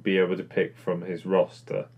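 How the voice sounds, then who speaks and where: A man in a casual co-hosted chat with a lowish voice and a gravelly creak. He talks bluntly, swears freely and often answers in short words. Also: level tone, normal speed, lo-fi sound. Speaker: podcast co-host.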